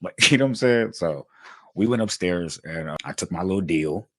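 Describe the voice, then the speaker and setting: A man casually telling a personal story to his viewers, animated and slangy, full of fillers, acting out what others said. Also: low-pitched, moderate pace. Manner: animated, slangy, lots of fillers, acts out quotes.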